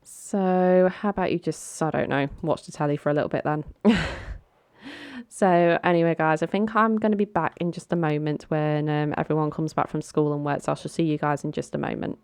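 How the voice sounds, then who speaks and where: Low-pitched young woman, casual game commentator, chatty and coaxing, dry close sound. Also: steady tone, a little fast, darkish tone, smooth, no room sound. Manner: chatty, coaxing her game characters, giggles often. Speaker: gaming channel host.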